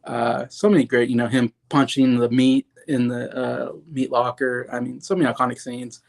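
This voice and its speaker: A man's voice: mid-range voice, flat delivery, moderate pace. A man in his thirties talking casually about favorite films, rambling with lots of "like" and "you know" and gushing with enthusiasm. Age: 30s. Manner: enthusiastic, openly sentimental. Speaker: movie reviewer. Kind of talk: casual movie commentary.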